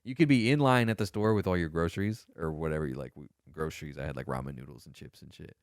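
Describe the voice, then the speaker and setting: A man co-hosting a casual podcast, telling stories with lots of swearing and animated quoted voices. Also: rumbling low, quick pace, no echo, studio quality. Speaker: podcast co-host, former Marine. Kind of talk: casual storytelling chat.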